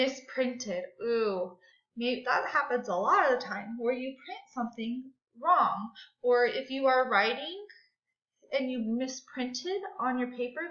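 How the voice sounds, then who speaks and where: A bright, high woman's voice leads a young class through phonics, slow and sing-song as she claps out syllables. The recording is dull and lo-fi, with an echoey room around her. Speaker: second grade teacher. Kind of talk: classroom grammar and phonics lesson.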